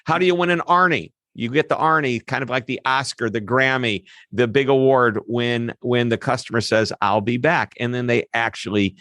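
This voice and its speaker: A man talks as an interview guest in a lively, animated way, slipping quick asides into his explanations. His voice sits at a medium pitch. The recording is dry and close, with no room echo. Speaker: customer service expert guest. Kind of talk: interview answers.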